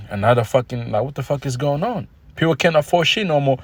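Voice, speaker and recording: A man vlogging in a casual, animated rant, telling street stories full of profanity and quoting scripture. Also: mid-range voice, quick pace, no room sound. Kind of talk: casual ranting monologue. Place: Australia.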